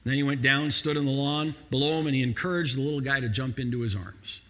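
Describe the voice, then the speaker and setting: A man preaching a sermon as a pastor, moving from quiet, measured passages to loud, shouting emphasis. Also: medium pitch, big-room sound.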